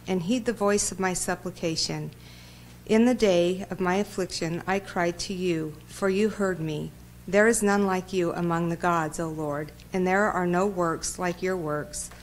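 Woman reading psalms, low and steady. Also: low-quality recording. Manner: steady measured reading aloud. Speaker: reader. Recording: church recording with faint noise.

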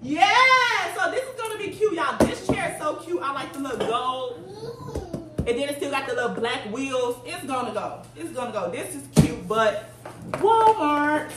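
A woman's voice: high-pitched, sing-song, moderate pace. A woman, chatting casually to viewers as she shows off home decor finds, recorded at home. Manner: chatty, addresses viewers as y'all. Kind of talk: casual haul vlog. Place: home, indoors. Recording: echoey room, mic at a distance, noisy.

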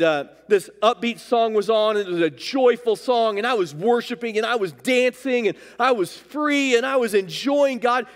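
A male pastor preaching a sermon, emphatic, swinging his voice up and down for stress, recorded in a church sanctuary. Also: high-pitched. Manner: emphatic, rising and dropping for stress. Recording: long reverb of a church hall.

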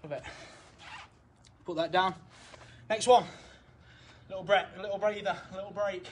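A man's voice: high-pitched, fairly even intonation, normal speed, a little hiss or hum. A young man coaching football drills in his garden, upbeat and encouraging, counting down each set while out of breath. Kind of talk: home football drill session. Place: garden, outdoors.

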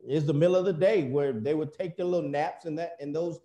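An American man preaching a sermon in a church, telling the story in a folksy, animated way with many fillers. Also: on the high side, brisk, echoey room, lo-fi sound. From United States.

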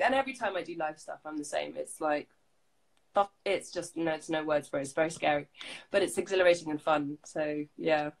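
An animated woman chatting as an interview guest over a video call. Her voice sits a little low, and she breaks into quick acted-out quotes and restarts as she talks. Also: low-quality recording. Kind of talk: casual interview chat.

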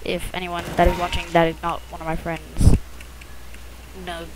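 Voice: mid-range voice, completely flat delivery, moderate pace, very noisy. A first-time gamer commentating their own shooter match in a casual, rambling, self-conscious way, with muttered asides, recorded at home on a close mic that the lips bump.

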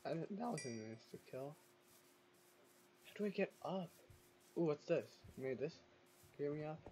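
A man's voice: a little high, animated, normal speed, background noise. A man giving casual gameplay commentary, chatty, talking back to the game's creatures and laughing now and then. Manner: chatty, talks to the game's mobs, exclaims and laughs.

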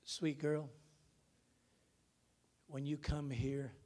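A male pastor preaching a sermon in a church, with emphatic bursts and drawn-out words. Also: fairly high pitch, level tone, a little mellow. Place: church sanctuary.

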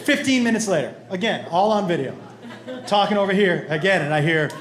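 A male stand-up comedian telling animated, crude stories on a club stage into a handheld mic. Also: high-pitched, fairly quick. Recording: echoey comedy club with loud crowd.

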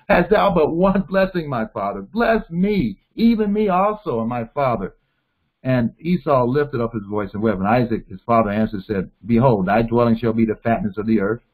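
A man reading Bible verses aloud and pausing to explain them in his own words. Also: medium pitch. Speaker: Bible teacher. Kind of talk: scripture reading with commentary. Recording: tinny phone-like sound.

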